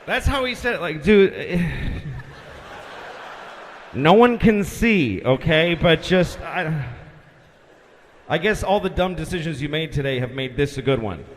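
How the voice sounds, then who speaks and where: A man's voice: on the high side, expressive, a little slow, pauses often, voice pushed down. A man doing a fed-up, dismissive tower controller. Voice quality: weary, dismissive drawl. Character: exasperated male airport tower controller, blunt. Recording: reverberant live venue, faint hiss.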